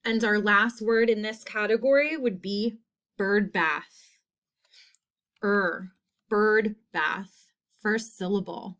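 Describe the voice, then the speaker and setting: A woman's voice: medium pitch, slow pace, long pauses, fairly bright tone. A woman teacher giving a phonics lesson who spells out each sound and repeats every word in a short model sentence. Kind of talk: slow, deliberate phonics lesson.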